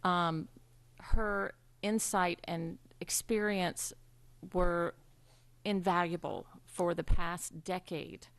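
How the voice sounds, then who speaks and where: Woman leading a school board meeting, lowish voice, lots of ums as she pays tribute. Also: steady tone, no room sound. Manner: warm halting delivery with frequent ums. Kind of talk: formal tribute speech. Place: public meeting room.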